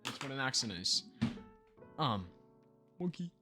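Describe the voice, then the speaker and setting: Lively young man rambling and giggling. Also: a little high, normal speed, soft background music. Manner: giggly, rambling, lots of fillers. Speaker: podcast co-host. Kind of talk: casual chat.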